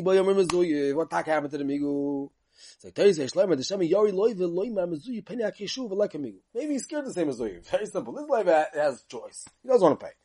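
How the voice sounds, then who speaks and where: Animated man giving a lecture. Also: sits high, breathy edge. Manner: animated sing-song learning chant, quick asides, rhetorical questions. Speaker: Talmud teacher. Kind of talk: yeshiva-style Talmud lecture.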